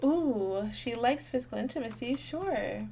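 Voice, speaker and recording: A woman's voice: on the high side, lively intonation, a little slow, creaky, warm tone, slight background noise. A young woman giving casual, bubbly gameplay commentary, thinking aloud and chatting to her viewers. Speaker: gaming channel host.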